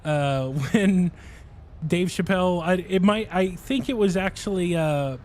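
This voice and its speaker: A male game streamer on a livestream, with a slightly high speaking voice. He rambles cheerfully through a story and laughs often as he talks. A faint hum sits behind his voice. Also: a little slow, a little mellow. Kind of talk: casual chat while livestreaming a game.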